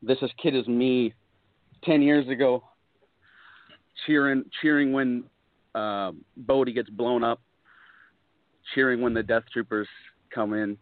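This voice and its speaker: A man chatting as a guest, speaking thoughtfully and hesitantly, often clearing his throat. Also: mid-range voice, fairly even intonation, unhurried, pauses often, dry recording. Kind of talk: casual chat over a call. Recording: tinny call audio, dry.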